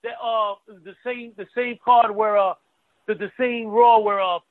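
A man's voice: high voice, fairly even intonation, unhurried, no echo. A man co-hosting a casual wrestling talk show, emphatic and full of restarts. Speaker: wrestling podcast co-host. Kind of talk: casual chat. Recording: tinny phone-like line, dry.

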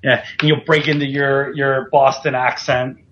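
A man's voice: mid-range voice, little pitch movement, moderate pace, fairly bright tone, dull audio, slight background noise. A man, a veteran pro wrestler hosting a podcast, talking casually in a rambling, self-deprecating way with restarts. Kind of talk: casual chat.

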